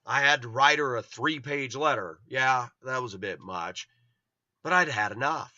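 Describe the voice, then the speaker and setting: A man's voice: medium pitch, normal speed, sharp tone, no room sound. A middle-aged man from Los Angeles telling personal stories in a blunt, rambling way. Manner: rambling, blunt, acts out quoted voices. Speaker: vlogger. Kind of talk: personal storytelling monologue. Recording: dull lo-fi dry sound.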